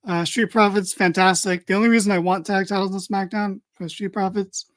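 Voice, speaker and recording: A woman's voice: mid-range voice, steady tone, fairly quick. A woman giving a casual, opinionated wrestling recap, blunt and swearing freely as she reads viewer comments. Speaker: wrestling show reviewer.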